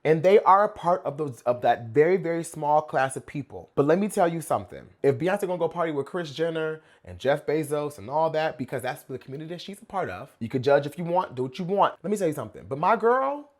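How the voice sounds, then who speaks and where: Sassy, animated male pop commentator. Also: fairly high pitch, fast talker, few pauses. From United States. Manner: sassy, blunt, slangy, full of asides. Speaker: host and pop-culture commentator. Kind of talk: reaction commentary.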